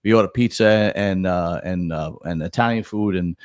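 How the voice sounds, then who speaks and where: At normal speed and in a low-sitting voice, a middle-aged man hosting a podcast recounts profane stories from work in a casual way, frequently starting sentences over. The studio sound is clean, with no room noise.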